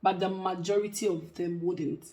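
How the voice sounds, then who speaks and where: A woman's voice: on the low side, fairly even intonation, normal speed, darkish tone. Emphatic woman. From Africa. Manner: emphatic, repeats points for stress. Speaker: vlogger and care worker. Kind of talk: casual talk to camera.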